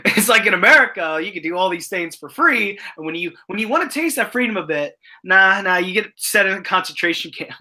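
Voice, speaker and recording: A woman's voice: mid-range voice, expressive, brisk, sharp tone. A woman co-hosting a casual live stream, rambling with many restarts. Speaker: guest co-host.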